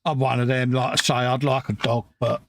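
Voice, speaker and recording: A man's voice: medium pitch, little pitch movement, brisk, background noise. A middle-aged man hosting a casual live stream, easygoing, laughing along and reading out donations. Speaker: host.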